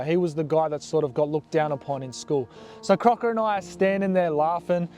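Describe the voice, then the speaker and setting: A young man telling a story from his past in a casual, animated way, blunt and swearing freely. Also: a little high. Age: young adult.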